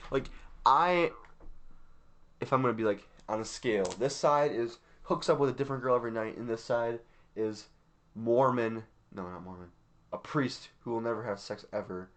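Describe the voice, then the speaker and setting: A man's voice: medium pitch, brisk, fairly bright tone. A young man co-hosting a podcast, chatting casually and rambling with lots of fillers and frequent laughter. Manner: giggly, rambling with many fillers. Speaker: podcast co-host. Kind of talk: casual chat.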